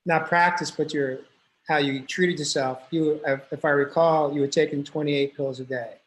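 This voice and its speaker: A man hosting an interview podcast who speaks in a halting, careful way and paraphrases his guest. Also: fairly high pitch, fairly even intonation, poor audio. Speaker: podcast host.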